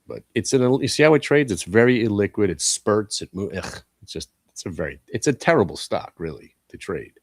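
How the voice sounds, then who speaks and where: Blunt, excitable man trading live. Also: on the low side, brisk, hardly any pauses, dry recording, clean studio sound. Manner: blunt, animated, swears and yells at the market. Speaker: stock trading show host.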